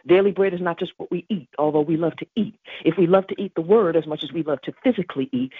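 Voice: mid-range voice, slightly rough, no room sound. A podcast host giving an emphatic devotional teaching on prayer, repeating key phrases. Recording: tinny phone-like dry recording.

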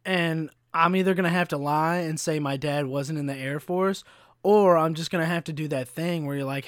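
A man, rambling through a story on his podcast. His voice sits a bit high, and it is full of casual swearing and filler. The sound is close and dry, with no room echo. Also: moderate pace, fairly bright tone, clean tone. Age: 20s. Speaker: podcast host.

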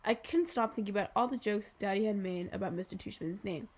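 A woman narrating a children's novel aloud in an even, unhurried reading. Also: mid-range voice. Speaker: audiobook narrator. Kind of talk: scripted narration.

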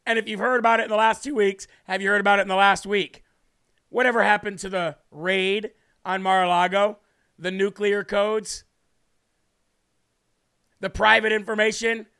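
A man hosting a live political talk stream, talking in an animated, repetitive way, greeting viewers by name and reading a devotional. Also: high voice, moderate pace, gravelly, pauses often, clean tone. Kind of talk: casual live-stream commentary.

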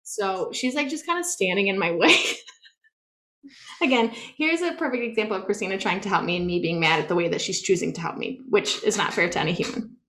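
A woman co-hosting a podcast, telling a story in a casual, animated way, full of "like" and acting out what she said. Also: mid-range voice, fairly quick. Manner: animated, peppered with "like", acts out her own quotes. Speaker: podcast co-host.

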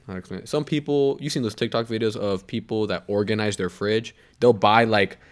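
A man's voice: on the low side, a little fast. Rambling young man telling stories. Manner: rambling storyteller, swears often, trails off on tangents. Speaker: podcast co-host. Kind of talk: casual chat.

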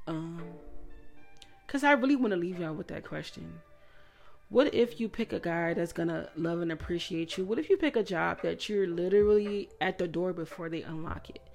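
A woman's voice: lowish voice, animated, moderate pace, creaky, a little mellow, faint music behind. A woman hosting her first solo podcast, talking casually and reflectively, asking rhetorical questions with self-deprecating humor, and growing emotional. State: emotional, voice breaking. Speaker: podcast host.

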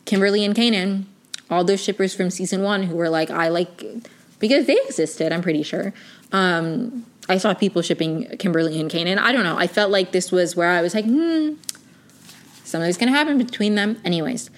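A woman's voice: on the low side, brisk. Rambling young woman reviewing a show. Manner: rambling, many "like" fillers and restarts; gushing, emotionally invested. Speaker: TV review vlogger. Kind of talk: casual chatty review.

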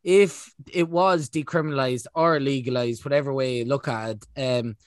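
A man's voice: medium pitch, steady tone, normal speed, no room sound, clean studio sound. A young Irish man co-hosting a podcast, talking in a rambling casual way with lots of fillers. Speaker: podcast co-host. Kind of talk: casual chat.

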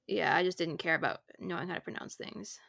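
A woman's voice: fairly low pitch, brisk, creaky, fairly bright tone, no echo, clean studio sound. A woman with a Minnesotan accent co-hosting a podcast, chatting casually with many filler words. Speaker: podcast co-host. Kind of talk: casual chat.

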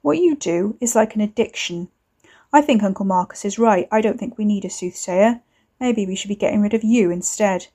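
A woman's voice: mid-range voice, normal speed, dark tone, lightly acted. A woman doing a bitter, defensive young man. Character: tense, defensive young man, shaken and angry.

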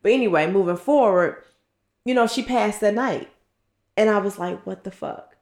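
A woman's voice: mid-range voice, moderate pace, darkish tone. A woman in her thirties, co-hosting a podcast and telling a personal story in a candid, blunt way, swearing freely and acting out what others said. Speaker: podcast co-host. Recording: roomy echo.

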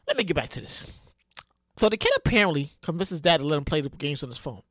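A man talking in a loose comedic monologue, his voice high and bright with a pitch that leaps all over the place. He swears freely, stumbles and restarts his sentences, and bursts into loud sing-song exclamations. The recording is close and dry. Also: very animated, fast, dry recording. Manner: stammers and restarts often. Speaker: show host.

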